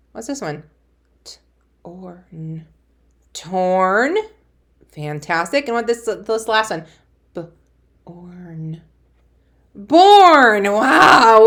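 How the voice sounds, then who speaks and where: A woman teacher giving a cheerful phonics lesson to young children, sounding out letters and praising them. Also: medium pitch.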